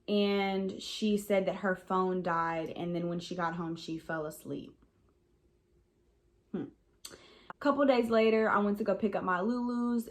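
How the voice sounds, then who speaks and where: Frank young woman telling a story. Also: medium pitch. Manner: rambling, frank, lots of "um" and "like". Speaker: vlogger. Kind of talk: casual storytime monologue.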